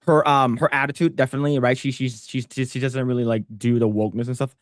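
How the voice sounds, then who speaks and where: A man co-hosting a casual podcast chat who rambles with many restarts and stammers and gets animated when pressing a point. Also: medium pitch, quick pace, dry recording, clean studio sound. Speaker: podcast co-host.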